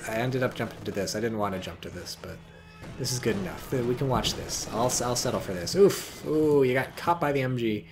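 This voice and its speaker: A man's voice: medium pitch, fairly quick, music in the background. A man giving casual, rambling commentary on a strategy game, joking and swearing as he goes. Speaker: game caster.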